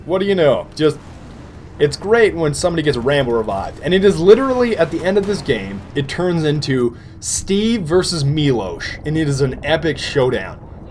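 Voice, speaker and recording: A young man giving goofy, excitable commentary over his own gameplay footage. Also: fairly high pitch, slight background noise. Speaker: gaming commentator.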